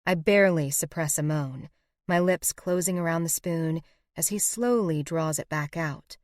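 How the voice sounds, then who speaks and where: A woman narrating a first-person romance audiobook in an intimate, even storytelling manner on a close mic. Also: low voice, moderate pace, no room sound.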